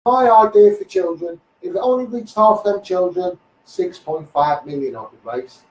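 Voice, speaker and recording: High-pitched Scouse man ranting, echoey. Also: lively intonation, moderate pace, darkish tone, far from the mic. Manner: heated, repetitive, keeps saying "mate" and "you know what I mean". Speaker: self-styled campaigner. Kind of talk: ranting live stream. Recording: echoey room, voice off the mic.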